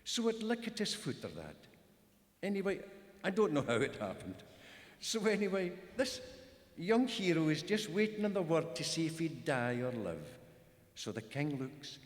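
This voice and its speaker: A man's voice: fairly high pitch, sing-song, moderate pace. A Scottish man telling a traditional folk tale to a live audience, in a homely, rambling way with asides. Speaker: storyteller. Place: concert hall. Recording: live concert hall, echoey with long reverb.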